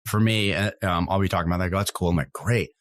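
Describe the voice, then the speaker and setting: A man's voice: deep voice, steady tone, very fast, no room sound. A man, co-hosting a casual business podcast and acting out his customer calls as he tells stories. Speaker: sign company salesman, co-host.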